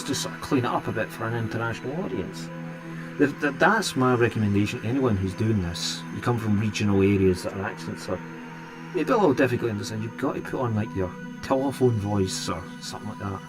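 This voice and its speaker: A man's voice: mid-range voice, expressive, a little fast, music in the background. A Scottish man hosting a live stream and chatting casually with viewers, rambling and restarting his sentences often. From Scotland. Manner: rambling, hesitant, many restarts.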